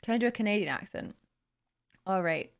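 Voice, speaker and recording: A woman's voice: medium pitch, animated, brisk, gravelly. A young woman chatting casually on a livestream, rambling and full of "like" and "you know". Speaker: streamer.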